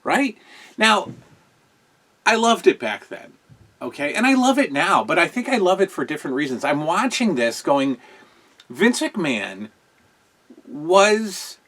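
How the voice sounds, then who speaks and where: A middle-aged man hosting a podcast, reviewing old wrestling shows in casual, rambling talk. He gets excitable and often restarts his sentences. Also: fairly high pitch, unhurried, long pauses. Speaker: podcast host.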